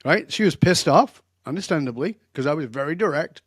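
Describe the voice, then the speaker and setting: A man's voice: on the high side, fairly quick, breathy edge, no echo, clean studio sound. Direct, emphatic older man. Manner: direct, emphatic, animated storyteller. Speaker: guest expert. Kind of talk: storytelling in a podcast interview.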